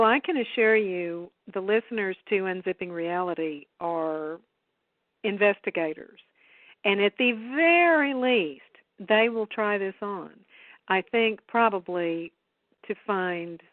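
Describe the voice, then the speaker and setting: A woman hosting a call-in radio talk show, speaking in a measured way and inviting listeners to call in. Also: mid-range voice, dry recording. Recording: phone line, dry.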